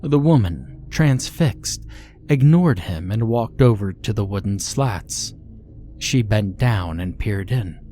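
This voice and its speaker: A man reading a horror story aloud in slow, measured scripted narration. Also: lowish voice, animated, dark tone, faint music behind.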